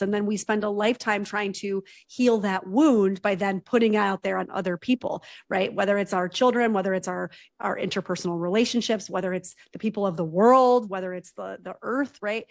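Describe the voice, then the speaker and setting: A woman's voice: mid-range voice, vocal fry, no room sound. A woman psychotherapist talking as a podcast guest, direct and emphatic, often checking in with "right?". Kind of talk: podcast conversation.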